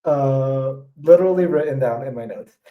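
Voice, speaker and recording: A man in casual podcast chat, enthusiastic and effusive, with casual swearing now and then. His voice sits at a middle pitch. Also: normal speed, lo-fi sound. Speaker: podcast co-host.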